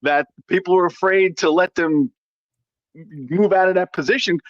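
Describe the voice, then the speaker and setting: A man's voice: high-pitched, steady tone, moderate pace, no room sound, muffled recording. A man co-hosting a live sports talk show, rambling and often restarting his sentences.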